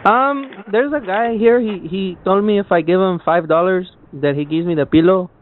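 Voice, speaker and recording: A man's voice: normal speed, slight background noise. Crude prank-calling man on a phone line. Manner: crude, mocking, high fake-pleading tone. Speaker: prank caller. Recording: tinny phone-line audio.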